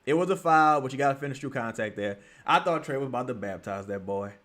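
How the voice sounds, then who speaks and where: Male streamer, casual and profane, lively pitch swings from mumbles to shouts. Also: quick pace. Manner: profane, animated, swings from mutters to yelling. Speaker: streamer reacting to a live game. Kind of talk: casual live game reaction.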